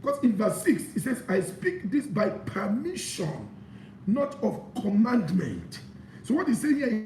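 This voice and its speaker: A man's voice: high-pitched, measured pace, far from the mic. Pastor guy preaching, reads bible verses then breaks them down, roomy echo, bit of faint hum behind. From Nigeria. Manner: animated preaching, reads scripture aloud and explains it. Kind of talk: sermon. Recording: echoey room.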